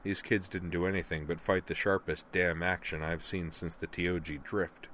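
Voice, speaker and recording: Male narrator as a steady senior admiral, low and quiet, audiobook. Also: normal speed, slight background noise. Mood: approving. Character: calm, warm older male admiral mentor.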